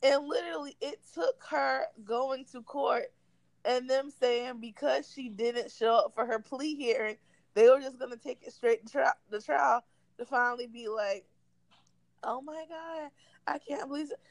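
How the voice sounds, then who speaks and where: Animated, slangy woman telling a story. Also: high-pitched, normal speed, gravelly, no echo, rough recording. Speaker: podcast co-host. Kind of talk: casual storytelling chat.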